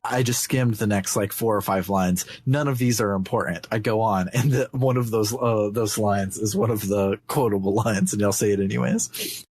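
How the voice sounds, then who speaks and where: A man co-hosting a casual podcast, retelling a video game with frequent "uh" restarts and bursts of excitement. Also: on the low side, husky, dry recording. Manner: halting, frequent uh restarts, excitable when recounting scenes. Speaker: podcast co-host.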